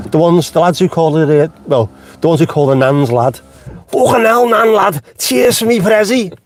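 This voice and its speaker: Speaking from inside his car, a middle-aged vlogger runs a laid-back live stream full of jokes, casual profanity and rambling tangents. He has a mid-range, darkish voice, and the recording has no room sound.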